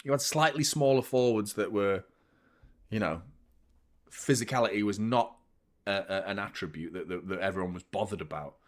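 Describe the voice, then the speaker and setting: A man hosting a live football watchalong, chatting opinions and commenting on play, swearing freely and getting loud at big moments. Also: lowish voice, moderate pace. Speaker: host of a football fan channel.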